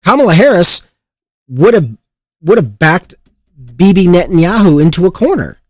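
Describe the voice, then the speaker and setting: A man's voice: sits high, very animated, normal speed, dry recording. A man hosting a political commentary show, heated and profane, sometimes mocking other people's voices.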